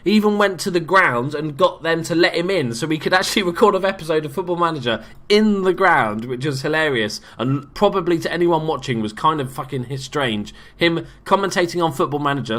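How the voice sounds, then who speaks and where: A man's voice: a little high, fairly bright tone. A young man from England giving casual, sweary, jokey let's-play commentary as a gaming YouTuber.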